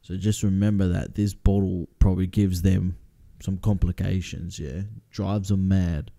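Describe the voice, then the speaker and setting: A man's voice: sits low, little pitch movement, a little slow, gravelly, dark tone. A man with an Australian accent giving casual, chatty reaction commentary while watching a movie. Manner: chatty, exclamatory.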